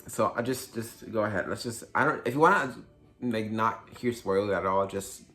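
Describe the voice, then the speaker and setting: Male book vlogger, slightly low voice, loose chatty delivery with constant fillers and self-corrections. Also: a bit bright. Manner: rambling, heavy use of "like", frequent restarts. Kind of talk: casual book review vlog.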